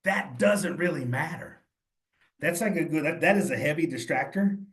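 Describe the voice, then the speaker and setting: A man's voice: a little high, normal speed, reverberant. A man leading a cheese exam study session, reasoning through quiz answers aloud in a casual, encouraging way.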